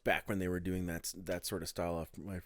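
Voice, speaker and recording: A young man co-hosting a music podcast, telling stories with laughs and animated impressions. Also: deep voice, fast talker, no echo, clean studio sound. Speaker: podcast co-host. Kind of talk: casual chat about music.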